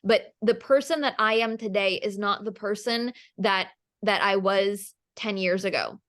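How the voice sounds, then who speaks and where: A woman's voice: medium pitch, measured pace. Emphatic woman coaching on a video call. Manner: energetic, emphatic, repeats phrases. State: emotional, near tears. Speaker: business coach.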